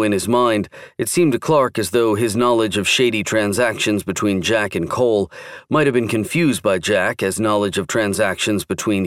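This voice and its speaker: A man narrating a thriller audiobook in a steady, even storytelling manner. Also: lowish voice, no room sound, studio quality. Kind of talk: scripted narration.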